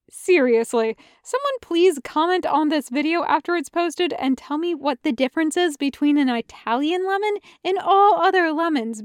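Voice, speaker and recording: A woman's voice: sits high, no echo, clean studio sound, pitched above the performer's own voice. A woman voicing a cocky young man who vlogs candy reviews, wry and swearing casually.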